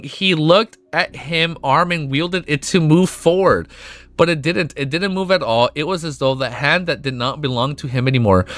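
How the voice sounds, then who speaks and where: Excitable man reading a novel aloud. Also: on the high side. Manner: emotional, swears often, gushes in excited outbursts. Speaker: streamer reading a web novel. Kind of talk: reading aloud with live reactions.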